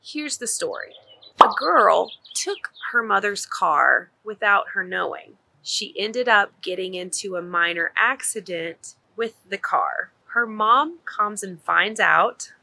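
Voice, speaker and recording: A woman teaching an English grammar lesson in a clear, encouraging, scripted delivery. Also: mid-range voice, pushed and bright.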